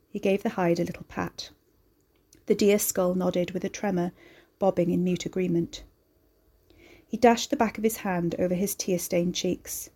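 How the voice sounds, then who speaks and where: A woman reading scripted horror story narration in a measured, deliberate way. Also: lowish voice, steady tone, mellow, slightly rough.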